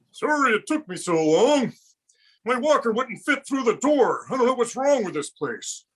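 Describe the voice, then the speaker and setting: A man voicing a grumpy old grandpa who is sick of being mistaken for Santa, ranting and singing in a high, bright put-on voice. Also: big pitch swings, unhurried, exaggerated voice, rough recording. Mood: cranky. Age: older. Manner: cranky, ranting, sings and shouts. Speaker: puppeteer. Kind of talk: comic puppet song.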